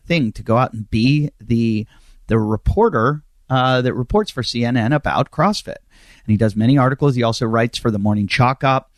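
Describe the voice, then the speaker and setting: A man's voice: mid-range voice, no room sound, studio quality. A middle-aged man hosting a podcast, delivering a rambling, self-mocking comedic monologue. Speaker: podcast host.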